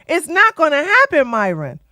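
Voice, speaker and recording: A woman gives mocking drama commentary as a streamer, loud and sassy, often breaking into shouts. Her voice sits high and swings wildly up and down. It has a bright edge and a dry, close sound. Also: huge pitch swings, moderate pace, dry recording.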